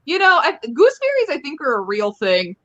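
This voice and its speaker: Young woman doing goofy standup from her phone at home, kinda high voice, keeps giggling at her own jokes. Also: wildly swooping pitch, fairly quick, bright, forceful tone, highs cut off. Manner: giggly, rambling, self-amused. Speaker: stand-up comic. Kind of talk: casual stand-up riffing.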